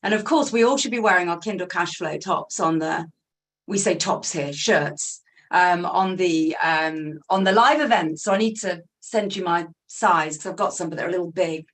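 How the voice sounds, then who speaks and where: A woman's voice: fairly low pitch, moderate pace. A woman, an author chatting casually on a group call, full of fillers and friendly agreement. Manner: chatty, with many fillers, repeats "it's true, isn't it?". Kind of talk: casual chat.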